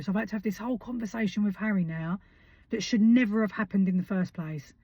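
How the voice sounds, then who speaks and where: A woman's voice: medium pitch, fast talker, husky, no echo. A woman, telling a story in a blunt, heated way, swearing freely. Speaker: vlogger. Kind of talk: casual storytelling. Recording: dull lo-fi sound.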